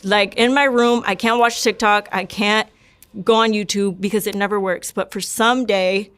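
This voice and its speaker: A young woman recounting her own story in loose, everyday talk, circling back and repeating herself as she goes. Her voice is smooth and clear, at an ordinary middle pitch. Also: steady tone, normal speed, a bit bright. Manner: rambling, many likes and repeats. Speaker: guest sharing her testimony. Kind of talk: casual personal storytelling.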